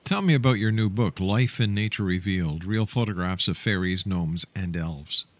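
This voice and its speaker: A man's voice: low voice, normal speed, dry recording. A man from Canada hosting a radio talk show, speaking in an emphatic, announcer-like way from a studio microphone.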